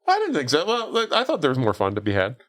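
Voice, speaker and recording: Speaking fast with huge pitch swings, a man with a slightly high, fairly bright voice hosts a podcast. He retells a film's plot casually, full of fillers, acted-out quotes and laughter, in a rambling recap chat.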